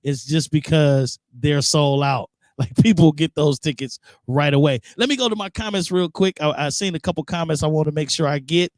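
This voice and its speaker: A man's voice: on the high side, normal speed, few pauses, no room sound, studio quality. A man guest-hosting a live internet radio show, chatting casually and reading out viewer comments. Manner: laid-back, reads out viewer comments. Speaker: guest host.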